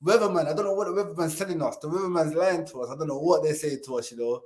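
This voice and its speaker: A man's voice: a little high, rapid-fire, a little mellow. A man co-hosting a casual live stream about football. He jokes, laughs a lot, repeats phrases and urges viewers to like and subscribe. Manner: hypes viewers and asks them to like and subscribe. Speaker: co-host of a fan channel stream.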